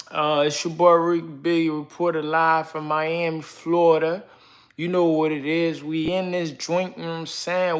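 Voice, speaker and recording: A young man talking casually on a live stream, slangy and full of repeated filler phrases. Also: fairly high pitch. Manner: slangy, repeats "you know what I'm saying". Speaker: livestreamer.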